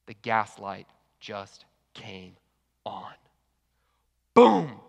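A man preaching a sermon to an online congregation, telling a personal story in a lively, conversational way. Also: lowish voice, very slow, vocal fry. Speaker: pastor. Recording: long hall reverb.

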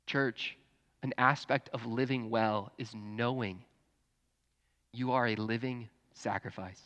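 A pastor preaching a sermon, earnest, dropping to a hush and then rising to fervent emphasis. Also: male voice, medium pitch, steady tone, takes it slowly, lo-fi sound. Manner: earnest, swings from hushed to fervent. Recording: long reverb in a church hall.

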